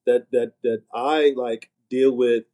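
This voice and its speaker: A man's voice: mid-range voice, steady tone, slow pace, mellow. A man in casual conversation, talking earnestly and often repeating words as he starts a thought. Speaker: podcast guest, married minister. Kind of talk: casual chat.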